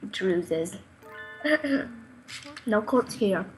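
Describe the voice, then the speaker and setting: A woman's voice: mid-range voice, expressive, extremely slow. A young woman playing through a game while chatting casually, reading its text aloud, reacting emotionally and laughing at her own slips. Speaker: let's play player. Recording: game music behind the voice.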